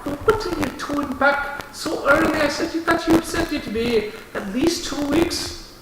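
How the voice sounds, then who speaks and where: A man voicing a reclusive female dwarf hermit who talks in a halting, hesitant way with many fillers. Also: extremely high pitch, heavy reverb, heavy background noise, voice pushed up.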